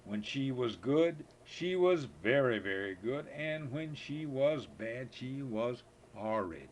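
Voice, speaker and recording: A man's voice: mid-range voice, animated, slow, a little hiss or hum. An older man, a grandfather, reading children's poems aloud in a sing-song way, now and then slipping and rereading a line.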